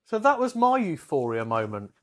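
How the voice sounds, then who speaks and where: A man's voice: a little high, huge pitch swings, normal speed. A man, co-hosting a podcast and telling rambling jokes with lots of hesitations. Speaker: podcast co-host. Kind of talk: casual chat, joke telling.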